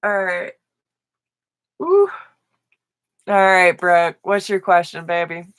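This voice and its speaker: Woman, live tarot host, unhurried, warm-hearted and emotional, dry close mic. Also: on the low side, fairly even intonation, smooth, no room sound. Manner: affectionate, slow and emotional, laughs often. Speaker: tarot reader. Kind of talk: live-stream tarot reading.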